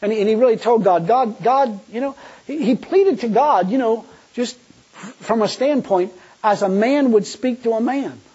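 A man's voice: very high-pitched, normal speed, mellow, husky, lo-fi sound. A male preacher giving a folksy sermon, talking colloquially and acting out the pleas he quotes. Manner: colloquial, laughs at own jokes, acts out quoted pleas.

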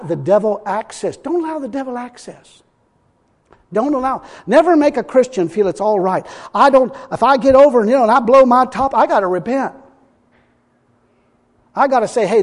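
A man's voice: high-pitched, darkish tone, long reverb tail. A man preaching a sermon as pastor, emphatic and folksy, often chuckling as he talks.

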